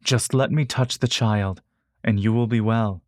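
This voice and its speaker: A man voicing a tender adult man in a fantasy story, speaking softly and reassuringly. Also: fairly low pitch, steady tone, measured pace, dry recording, clean studio sound, close to an everyday voice. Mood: coaxing.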